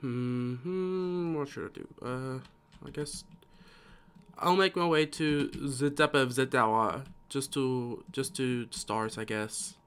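A man's voice: mid-range voice, takes it slowly, fairly bright tone, smooth. A tired man streaming a game live, casually rambling and muttering to himself as he plays.

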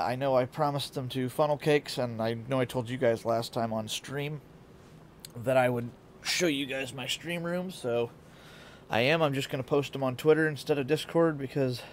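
A man's voice: medium pitch, a little hiss or hum. A male streamer with a sleepy morning voice and stuffy sinuses, chatting loosely and chuckling at a desk mic at home. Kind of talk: casual game-stream chat.

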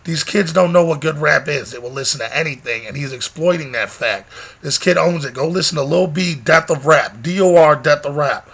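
A man's voice: medium pitch, fairly bright tone. A young man vlogging casually, rambling and joking with heavy profanity. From Michigan, USA. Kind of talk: casual vlog rant.

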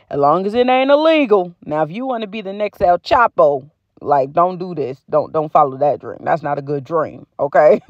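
An American woman who vlogs about beauty and home goods chats casually to camera, using plenty of slang as she tells her viewers about deals and her life. Her voice sits fairly low, and the recording is dry and a bit muffled.

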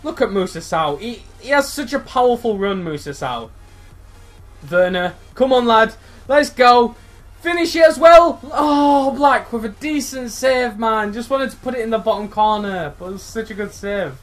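A young man commentating live on his own football video game match. He is excitable, shouting encouragement and groaning at his players, with his voice jumping sharply higher when a chance comes. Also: normal speed, faint music behind. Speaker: gaming YouTuber.

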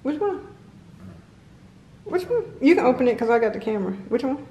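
A woman with a fairly high voice chats playfully through a casual home vlog. Her voice rings off the walls of an echoey room at home, with a faint hiss of noise behind it. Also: big pitch swings, a little fast, mellow, dull audio. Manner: chatty, playful, talks to her kids and dog while filming. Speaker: vlogger.

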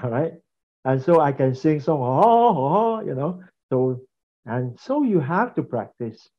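A preaching instructor gives a conversational classroom lecture on preaching, repeating phrases and putting questions to the class. His mid-range voice is very animated yet unhurried, and the lo-fi recording sounds slightly dull.

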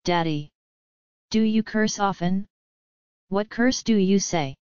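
A woman's voice: mid-range voice, slow, a little mellow, clear, resonant tone, no echo, natural voice. A woman voicing a bold, anxious young princess questioning her father in an audiobook, urgent and questioning. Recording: slightly dull lo-fi audio.

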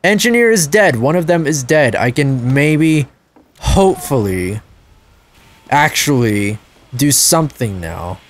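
A channel host delivers live gameplay commentary in a mid-range voice at a slow pace. He's excitable and prone to loud, frustrated outbursts and swearing.

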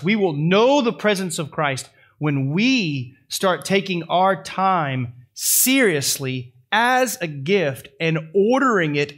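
Man, pastor, sermon, animated pitch, somewhat high voice, folksy asides. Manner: lively preaching that swells high and loud at the climaxes.

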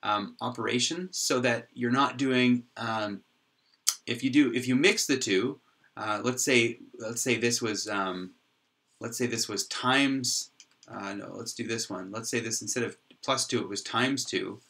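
A man giving a whiteboard tutorial on how his software works, thinking aloud with frequent restarts and pauses. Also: medium pitch. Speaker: software developer explaining his code. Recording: voice from a distance off the mic.

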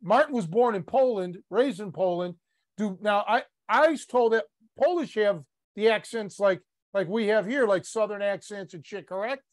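A man's voice: sits high, normal speed. A man from the Chicago area hosting a podcast, asking playful, teasing questions in casual interview chat. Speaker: podcast host, catch wrestling coach.

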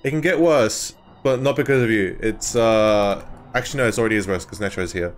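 A man's voice: lowish voice, a little fast. A man streaming a game, rambling and apologetic, laughing often and filling gaps with ums. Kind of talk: casual live-stream chat.

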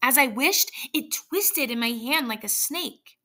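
A curious, eager old man presses with questions, read aloud by a woman. The voice sits a little raised, heavily gravelly and bright. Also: a little high, very animated, moderate pace, exaggerated voice.

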